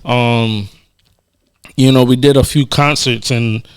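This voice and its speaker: A man's voice: mid-range voice, fairly even intonation, slow, clean tone. A man co-hosting a podcast, talking in an earnest, reflective way with many casual fillers. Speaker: podcast co-host.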